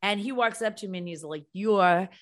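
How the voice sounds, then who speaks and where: A woman from the United States, a journalist guest, telling lively stories in casual chat with quick asides. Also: mid-range voice. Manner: animated storyteller, laughing, quick asides.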